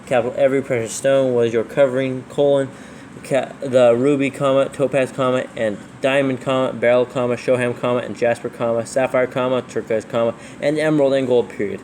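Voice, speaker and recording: A man proofreading scripture aloud, reading slowly and calling out every comma, quote and capital letter. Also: mid-range voice, fairly even intonation, a little mellow, slight background noise. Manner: reads slowly, spelling out punctuation and capitals. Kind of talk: dictating text with punctuation.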